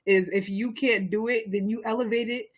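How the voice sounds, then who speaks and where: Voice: medium pitch, fairly even intonation, moderate pace. A young adult podcast co-host from Boston, talking politics in a rambling, heated way with many restarts. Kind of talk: casual chat on local politics.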